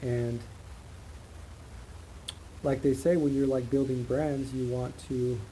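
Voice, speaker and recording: A man's voice: medium pitch, flat delivery, slow, mellow, a little hiss or hum, low-quality recording. A man giving a casual, impassioned opinion monologue, rambling and emphatic as he makes his points. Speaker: commentary channel host.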